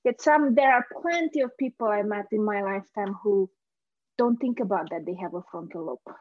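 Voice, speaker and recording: A woman's voice: medium pitch, moderate pace, highs cut off. A woman from Romania with a Romanian accent, a guest in a casual podcast conversation, chatty and laughing easily.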